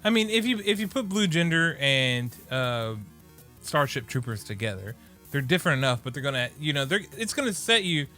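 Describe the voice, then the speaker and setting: A man's voice: medium pitch, sing-song, fairly quick, pushed and bright, soft background music. A man co-hosting an anime podcast, talking casually in a loose, rambling way. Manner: rambling, hesitant with fillers. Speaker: podcast co-host. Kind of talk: casual chat.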